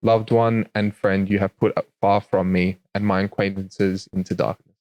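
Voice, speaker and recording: A man's voice: low-pitched, flat delivery, normal speed, darkish tone, dull audio. A man hosting a faith podcast, chatting hesitantly with many "um"s and reading scripture aloud. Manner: hesitant, lots of "um"s, laughs easily. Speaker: podcast host.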